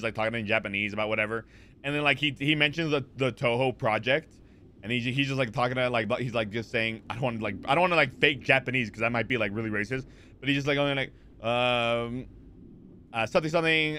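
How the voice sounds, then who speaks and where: A man streaming from a home setup, chatting casually with viewers. He rambles in a lively way, reads chat messages aloud and answers them, with plenty of fillers and restarts, close to a desk mic. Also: medium pitch. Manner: rambling, animated, lots of fillers and repeats. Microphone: desk microphone.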